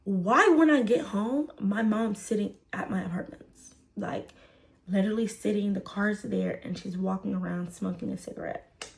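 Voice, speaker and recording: A woman's voice: mid-range voice, normal speed, vocal fry. A woman, casually telling a personal story full of fillers and "right?". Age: 20s.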